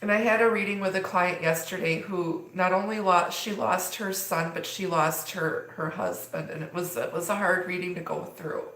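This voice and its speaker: A woman's voice: lowish voice, steady tone, normal speed, few pauses, fairly bright tone. A woman giving a live tarot reading, talking in a rambling way with many fillers. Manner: rambling, filler-heavy delivery. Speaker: tarot reader. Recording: echoey room.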